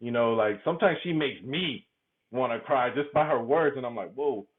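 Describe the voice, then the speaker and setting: A man's voice: mid-range voice, normal speed. A man speaking candidly as a podcast guest, laughing often and stumbling over repeated words. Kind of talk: candid conversational interview. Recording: tinny phone-like remote line.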